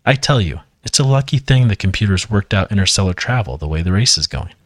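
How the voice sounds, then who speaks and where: A man's voice: fairly low pitch, animated, quick pace, no room sound, clean studio sound. A man reading a reassuring future dad. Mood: explaining. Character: cheerful future father of young kids.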